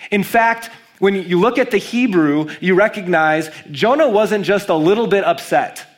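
Pastor guy preaching in church, bit high voice, gets really animated on the big points. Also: moderate pace. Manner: animated preaching, reads scripture aloud with rising emphasis. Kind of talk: sermon.

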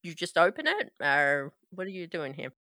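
Woman game master with a bright voice, relaxed and easy to laugh, recorded dry. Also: on the low side, normal speed, no echo. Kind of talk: narrating a tabletop game.

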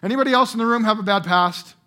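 Preaching a sermon to his congregation in a church room, a middle-aged pastor uses a high, light voice. Loud, punched key words give way to quiet, drawn-out, almost whispered phrases. He alternates between emphatic and conversational delivery.

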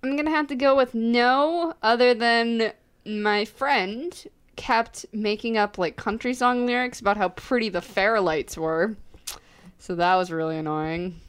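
A teenage girl in her mid-teens, guesting on a casual podcast, witty and sarcastic, quick to laugh. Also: on the high side, clean tone. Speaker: guest, host's daughter.

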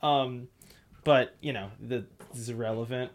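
A podcast host in loose, casual chat. The talk rambles and leans on "like" constantly, breaking often into laughter. The pitch sits in the middle range. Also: moderate pace. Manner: rambling, heavy use of "like", frequent laughter.

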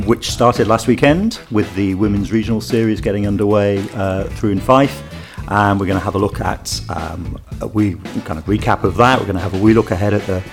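A man co-hosting a cricket podcast in a relaxed chat, hesitant, with many fillers and restarts. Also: fairly low pitch. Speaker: podcast co-host. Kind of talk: casual sports chat.

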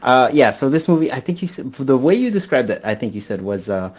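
A man co-hosting a podcast, chatting casually about movies with crude jokes and deadpan teasing. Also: mid-range voice, a little fast. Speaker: podcast co-host. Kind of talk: casual chat, movie review.

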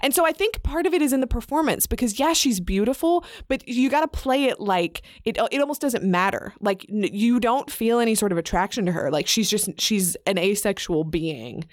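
A woman co-hosting a podcast, chatty and animated, quick to joke. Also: on the high side, no room sound, clean studio sound. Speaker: podcast co-host. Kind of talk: casual chat.

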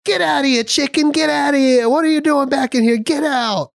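A man doing a shrill yelling cook. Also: brisk, gravelly, no echo, studio quality. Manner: loud, high-pitched yelling. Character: shouting cook chasing a cat, man.

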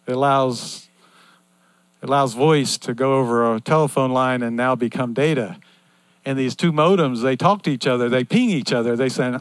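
An older man preaching a sermon in an earnest, repetitive cadence that swings between loud and hushed. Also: medium pitch, a little fast, no room sound.

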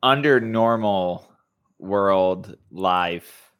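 A man with a low voice co-hosts a casual podcast. He teases his friends in a dry, sarcastic way throughout the banter. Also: very slow, a bit bright, smooth. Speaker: podcast co-host.

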